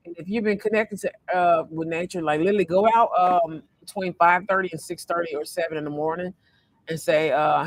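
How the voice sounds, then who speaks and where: A man giving a casual, rambling tarot reading from a fast-food restaurant, full of fillers and restarts. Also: sits high, a bit bright, no room sound. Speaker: tarot reader. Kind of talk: casual spiritual card reading vlog.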